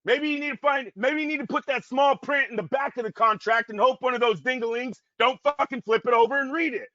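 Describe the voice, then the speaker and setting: A man's voice: extremely high pitch, a little fast, sharp tone, no echo. A man co-hosting a boxing podcast, ranting in heated, profane casual talk. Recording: dull, dry lo-fi audio.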